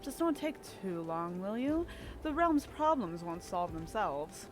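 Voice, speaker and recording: A woman reading the lines of a suave, roguish male spy in her own mid-pitched voice, with light flair. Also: big pitch swings, unhurried, faint music behind. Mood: wry. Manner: reading game dialogue aloud with light flair.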